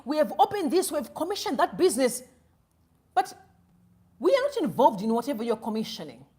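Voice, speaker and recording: A woman hosts an opinionated live stream in a high, lively voice that swoops up and down. She tells stories by playing both sides of a conversation and drops Shona phrases into her English. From Zimbabwe. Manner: animated storytelling, acting out both sides of a conversation.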